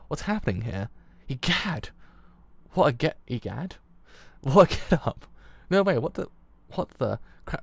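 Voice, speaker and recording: A young man giving live reaction commentary while reading, excitable and quick to swear, often stumbling over his words. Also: medium pitch, gravelly. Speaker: streamer.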